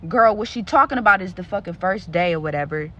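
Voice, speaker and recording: A woman's voice: fairly low pitch, expressive, quick pace, highs cut off. A woman telling a story to her viewers in a vlog, blunt and profane, with lots of animation in her delivery. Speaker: content creator.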